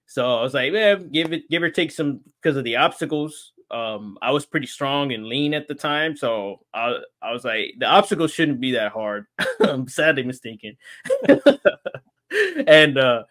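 A man, an interview guest, telling a story in casual chat, animated and laughing often. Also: medium pitch, moderate pace. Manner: animated, acts out quoted voices, laughs often.

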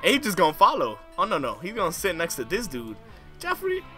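A young man giving excitable, joking let's play commentary in slangy casual speech. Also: high voice, fairly quick, faint music behind. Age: young adult. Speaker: gamer.

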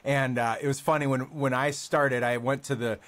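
Mid-pitched man hosting a chat. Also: steady tone, moderate pace, fairly bright tone. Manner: conversational, reminiscing with fillers. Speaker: host. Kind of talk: casual interview chat.

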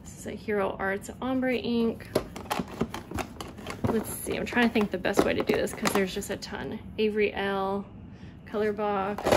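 A woman in a casual vlog, talking quickly and loosely through her craft supplies, with lots of fillers. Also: medium pitch. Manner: chatty, quick, rambling with fillers. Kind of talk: casual show-and-tell vlog. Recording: loud background noise.

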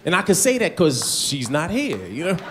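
A middle-aged man performing a stand-up comedy routine, animated and punchy, laughing at his own jokes. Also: fairly high pitch, moderate pace, background noise. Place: comedy stage before a live audience.

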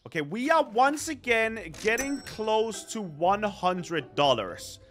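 A young man chatting excitedly through his gameplay and talking to the customers in the game. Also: high-pitched. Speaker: gaming video host. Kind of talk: casual gameplay commentary.

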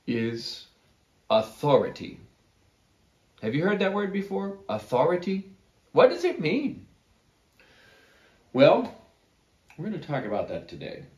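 A man's voice: medium pitch, muffled recording. A man teaching a children's Bible class, telling a story and asking his listeners questions. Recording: echoey room.

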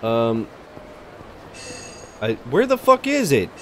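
A young man commentating his own gameplay in a casual, profane stream style. His voice sits in an ordinary middle pitch, easily pulled off track by chat. A faint background hum runs under the desk mic. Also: wildly swooping pitch, takes it slowly, fairly bright tone. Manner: loose, profane, easily distracted, laughing at chat. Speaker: gaming streamer. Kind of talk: casual let's-play commentary.

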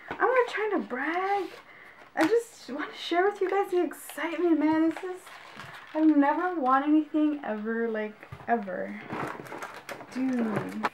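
Gushing young woman, slow, noisy recording. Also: on the high side. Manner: gushing, exclamatory, talks to viewers. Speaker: beauty vlogger. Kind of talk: casual unboxing vlog. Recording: clear background noise.

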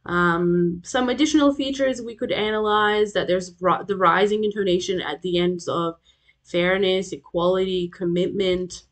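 A woman's voice: medium pitch, fairly even intonation, normal speed. A woman giving a recorded revision lecture, explaining terms step by step and often checking in with "okay?" between points.

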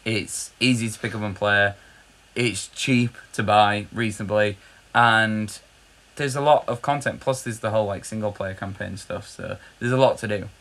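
A British man co-hosting a casual podcast, rambling cheerfully from one thought to the next. His voice is bright and forceful, and he is easily amused. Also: fairly low pitch, steady tone, normal speed. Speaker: podcast co-host.

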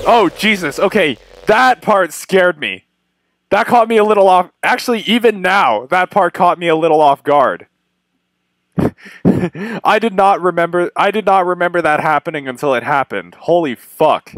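High-pitched young guy, let's-play commentary, swears a lot, swings from yelling to muttering. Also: expressive, moderate pace, no room sound. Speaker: gaming video creator.

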